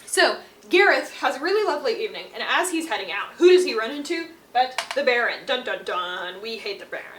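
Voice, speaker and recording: A woman's voice: high voice, very animated, fast, fairly bright tone, echoey room, a little hiss or hum. Playful, slangy young woman recapping books. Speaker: book reviewer. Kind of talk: casual book recap.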